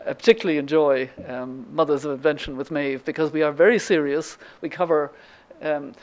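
A woman in her seventies from Ireland lectures as a guest speaker, telling an anecdote with many ums and restarts. Her low-pitched, darkish voice moves briskly with fairly even intonation.

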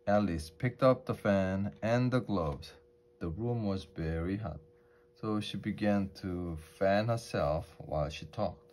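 A man reads a storybook aloud for English learners, calm and measured, with the odd small restart. His voice sits on the low side.

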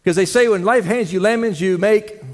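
High-voiced man preaching in a reverberant church. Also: moderate pace, darkish tone. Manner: folksy, jokes and asks the congregation questions. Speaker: head elder preaching. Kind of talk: sermon. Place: church sanctuary. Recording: long church hall reverb.

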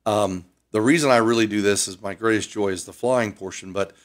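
An older man from Ohio with an Ohio accent, a pilot guest on a radio interview, chatty and animated as he tells stories. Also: on the low side, a little fast. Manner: chatty storyteller, animated, fond of doing accents. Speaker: air show pilot.

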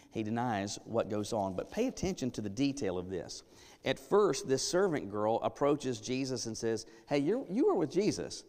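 A man preaching a sermon as pastor, emphatic, dropping to a hush and then rising loud. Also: fairly low pitch. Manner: emphatic, swings from hushed to loud. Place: church sanctuary. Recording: long church reverb.

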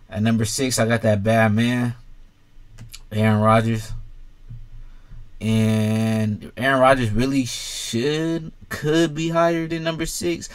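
A young man in a casual sports vlog, ranking players bluntly with lots of swearing and talking straight to the fans. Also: medium pitch. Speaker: sports commentator ranking quarterbacks.

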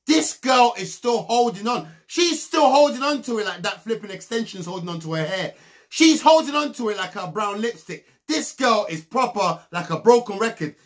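A young man giving a comedic, mocking recap of a reality TV show, breaking into loud laughs. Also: normal speed. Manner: mocking, animated, bursts into loud high laughs.

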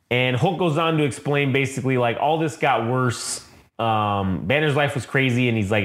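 A man's voice: mid-range voice, normal speed. A man casually recapping a comic book for a podcast, rambling, swearing freely and reading the characters' lines aloud with lots of filler words. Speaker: podcast co-host.

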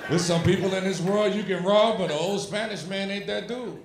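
A man's voice: high voice, a little fast, gravelly, noisy background. A young male stand-up comedian with a Brooklyn accent, telling a brash, profane story on a club stage. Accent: Brooklyn New York. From Brooklyn, New York. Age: young adult. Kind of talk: stand-up routine. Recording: roomy club with loud crowd laughter.

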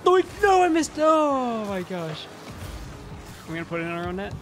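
A man chatting casually while playing a game, giggly and excitable, often yelping and laughing. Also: high voice, normal speed, over music. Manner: giggly, excitable, frequent yelps. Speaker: gamer. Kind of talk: casual gaming chat.

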